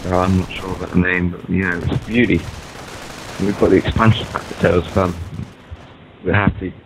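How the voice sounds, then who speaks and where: A man with a low-pitched voice rambles in character for laughs, stumbling over ums and false starts. Loud video game gunfire and explosions fill the background behind his voice. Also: steady tone, brisk, vocal fry, noisy background. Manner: rambling and hesitant, full of ums and restarts. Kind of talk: comedic in-character rambling monologue. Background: game battle sounds with gunfire.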